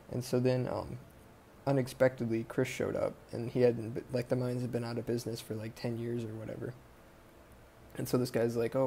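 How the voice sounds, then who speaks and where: A man's voice: mid-range voice, creaky, warm tone, a little hiss or hum. A man hosting a podcast who recaps a movie in a casual, rambling way, swearing freely and wandering off track. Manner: rambling, profane, sidetracked. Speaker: podcast host.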